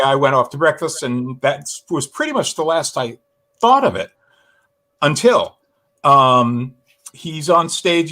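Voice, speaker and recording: Guy on a call-in show telling a story about himself, lots of ums and restarts, middle pitch, kind of excited. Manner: animated, self-deprecating anecdote with many fillers. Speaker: guest, fan camper and drummer.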